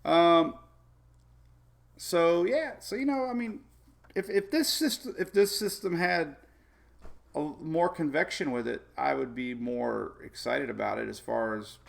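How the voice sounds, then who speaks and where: A man's voice: a little high, measured pace, gravelly. A man hosting a casual live weather show, rambling and chatty with many fillers and frequent laughs.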